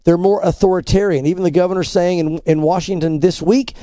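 A man's voice: sits high, fairly even intonation, a little fast, dark tone, dry recording. Man, pastor, middle-aged, preaching commentary, dry close sound, emphatic. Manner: emphatic, earnest, quotes scripture and articles. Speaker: pastor, co-host. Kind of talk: preaching-style news commentary.

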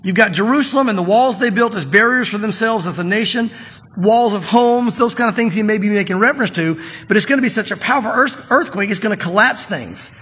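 A man preaching a sermon as pastor, chatty and plain, slowing down to read scripture with emphasis. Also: high voice, sharp tone, slightly rough. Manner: conversational preaching, reads scripture slowly and with emphasis. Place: church sanctuary. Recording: long reverb of a church hall.

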